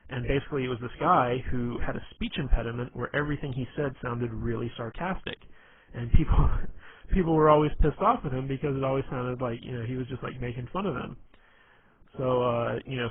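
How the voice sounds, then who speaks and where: A man's voice: mid-range voice, fairly even intonation, fast. A man giving a casual spoken presentation on humor, rambling with lots of fillers and restarts. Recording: tinny phone-like lo-fi sound.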